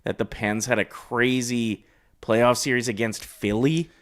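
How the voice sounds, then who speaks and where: A man's voice: mid-range voice, fairly even intonation, measured pace, a bit bright. A man co-hosting a sports talk show, bantering easily about hockey. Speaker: sports radio co-host. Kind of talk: casual hockey chat.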